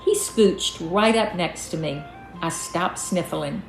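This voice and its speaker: A woman's voice: lowish voice, takes it slowly, vocal fry. A woman reading her own memoir aloud in a folksy storytelling manner. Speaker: storyteller, author. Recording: echoey room, faint music.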